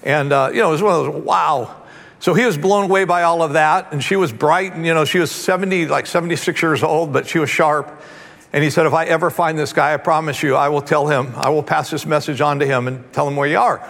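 A man's voice: fairly high pitch, fairly even intonation, a little fast, vocal fry, a bit bright, big-room sound. A man preaching a sermon, telling a story animatedly with quoted voices. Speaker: pastor.

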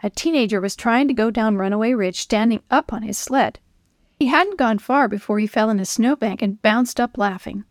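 A woman narrating a children's story in a gentle, clear reading voice. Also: fairly high pitch, moderate pace, no echo, studio quality.

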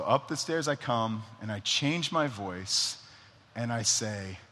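A man's voice: medium pitch, expressive, slow, pushed and bright. A young adult man giving a conversational sermon, casual and often checking in with his listeners. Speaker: preacher. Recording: long hall reverb.

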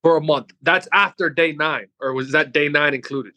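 Bright-voiced firefighter podcast host. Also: male voice, fairly high pitch, moderate pace, no room sound. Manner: probing questions with restarts and repeated words. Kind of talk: podcast interview.

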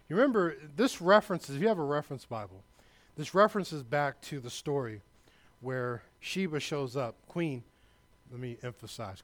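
Man, pastor, sermon, high-pitched, emphatic, loud, talks straight to the congregation.

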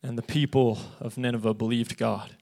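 Young man as youth pastor, earnest and animated sermon, brings quoted lines to life. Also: mid-range voice, moderate pace, creaky. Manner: earnest, animated preaching that acts out quoted voices. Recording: podcast of a live church sermon.

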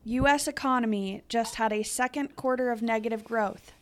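A woman's voice: fairly high pitch, steady tone, normal speed. A woman co-hosting a casual podcast, reading news headlines and asking questions in a matter-of-fact way.

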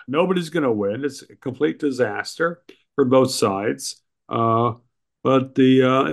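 A man, a writer and regular co-host, talking politics casually with frequent ums and uhs. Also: medium pitch. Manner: hesitant, many ums and uhs, critical.

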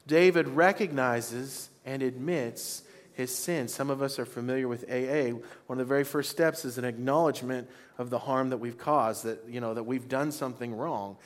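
A man's voice: mid-range voice, moderate pace. Man preaching a call-and-response sermon. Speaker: pastor. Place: church before a congregation.

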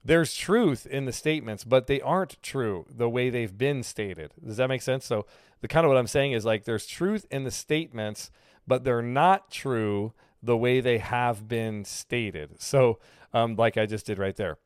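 A man's voice: medium pitch, expressive, normal speed, no room sound, studio quality. A male pastor teaching a casual sermon, talking conversationally and often correcting himself mid-sentence. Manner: conversational, self-correcting, with frequent fillers.

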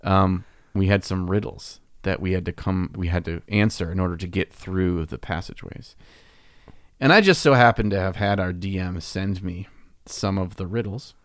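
A man's voice: deep voice, normal speed, no room sound, studio quality. A man co-hosting a podcast, chatting casually in a playful, teasing way and laughing often. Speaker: podcast co-host.

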